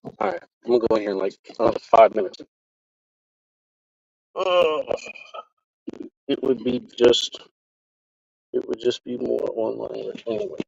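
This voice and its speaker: A man vlogging from his car, telling a casual, profane story in an animated way. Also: mid-range voice, a little slow, vocal fry, long pauses, no echo. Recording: dry, slightly dull sound.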